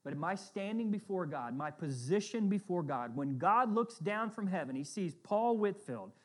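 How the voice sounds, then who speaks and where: High-voiced man preaching a sermon. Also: lively intonation, moderate pace. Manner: earnest, conversational preaching with frequent check-ins. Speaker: pastor.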